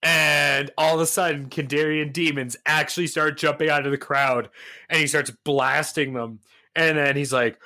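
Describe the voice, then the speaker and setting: A podcast co-host, male, chats casually in a bright, forceful, slightly high voice at a moderate pace. He rambles excitably through a story, loose and packed with fillers.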